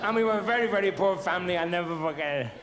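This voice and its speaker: A man's voice: high voice, very fast. A man telling comic childhood stories on stage, with a stammering, mock-innocent delivery. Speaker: stand-up comedian. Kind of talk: stand-up storytelling. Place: theatre stage. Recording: noisy old VHS tape.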